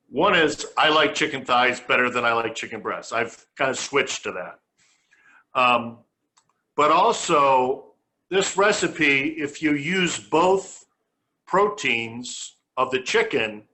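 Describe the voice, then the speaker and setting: Male cooking host, bright crisp timbre, homespun and conversational. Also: mid-range voice. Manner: chatty, homespun, stops and restarts phrases. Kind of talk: casual cooking demonstration.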